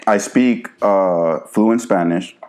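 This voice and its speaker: A man from New Jersey, a guest on a podcast, talking in a relaxed, laid-back way with lots of "you know". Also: on the low side, slow pace. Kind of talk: casual interview chat.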